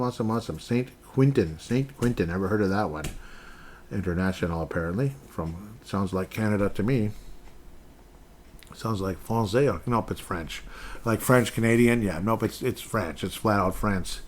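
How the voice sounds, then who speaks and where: A man's voice: on the low side, slight background noise. Rambling man hosting a sports podcast. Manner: rambling, laughs often, mock outrage. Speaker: podcast host. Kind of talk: casual solo sports podcast.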